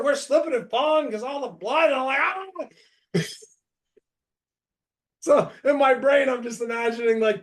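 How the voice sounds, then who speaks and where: A higher-pitched man in his thirties from the United States tells stories as a podcast host. He rambles with lots of restarts, then bursts into loud acted-out quotes. His voice sits high for a man. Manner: rambling, animated, acts out quotes with shouts. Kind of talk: casual storytelling chat.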